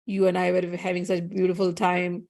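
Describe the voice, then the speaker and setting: A woman voicing a scheming young woman who makes a false claim, in a low, pleading tone. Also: completely flat delivery, moderate pace, vocal fry, darkish tone.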